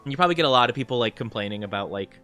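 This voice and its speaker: Animated young man, chatty streamer. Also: medium pitch, soft background music. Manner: rambling, chatty, lots of fillers and quick laughs. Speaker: VTuber streamer. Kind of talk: casual chat while playing a game.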